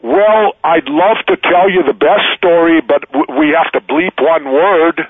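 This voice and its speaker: A man in his sixties calls into a show and spins loose stories, often restarting his sentences. His voice sits a little high for a man. It comes over a tinny, dry phone line. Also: a little slow, no room sound. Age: 60s. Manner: loose storytelling with frequent restarts. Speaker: guest. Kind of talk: casual interview over the phone.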